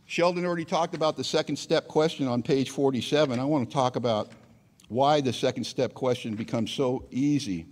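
A man's voice: mid-range voice, a little fast, a little mellow. A man speaking at a recovery meeting, telling his own story conversationally with frequent asides. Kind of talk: personal testimony talk.

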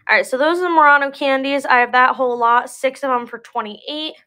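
A young woman in her twenties runs a live online sale in a relaxed, chatty way. Her voice sits a little high, and she pokes fun at her own mix-ups as she goes. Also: fairly quick, smooth. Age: 20s. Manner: chatty and self-deprecating, laughs at own slips. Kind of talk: casual live-sale chat.

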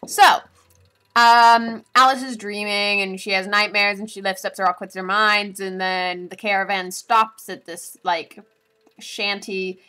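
A woman's voice: medium pitch, steady tone, measured pace, bright, forceful tone, clean tone, soft background music. A woman vlogger giving a rambling, casual recap of a movie, full of asides and giggles.

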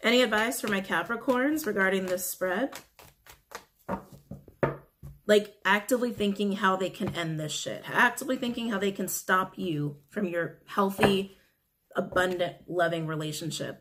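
A woman's voice: medium pitch, normal speed, background noise. A woman giving a casual tarot reading to camera. She gushes with emotion, swears casually and repeats phrases for emphasis. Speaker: tarot reader.

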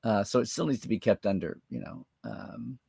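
A man's voice: lowish voice, animated, moderate pace, gravelly, mellow, slightly rough, no room sound, studio quality. A man hosting a live-stream chat, rambling and thinking aloud as he answers viewer comments. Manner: rambling, chatty, thinks aloud with many fillers. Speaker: host.

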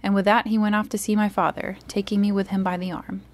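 A woman narrates a classic story in a calm, soothing read-aloud style. Her delivery is gentle and even, meant to relax the listener. Her voice sits at an ordinary pitch for a woman. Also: quick pace. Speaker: story reader.

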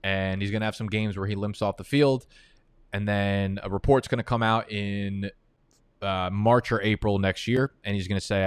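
A man commentates his own live mock draft in a slightly low voice, rattling off players and reasons at speed. His frustration spills into profane rants. The sound is dry and close, with no room around it. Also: clear, resonant tone, no room sound. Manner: fast, excitable talk. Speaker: fantasy football analyst host.

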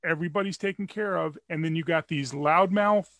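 A man with a high, gravelly voice trades wry, argumentative quips as a podcast guest. His sound is dry and close. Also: fairly quick, a bit bright, dry recording. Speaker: guest co-host. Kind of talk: casual chat.

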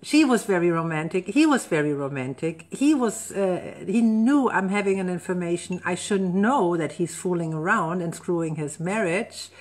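A woman's voice: fairly low pitch, moderate pace, hardly any pauses. Woman telling a story. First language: German. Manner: animated anecdote-telling with laughs and self-corrections. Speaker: wedding celebrant and show host. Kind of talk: casual storytelling chat.

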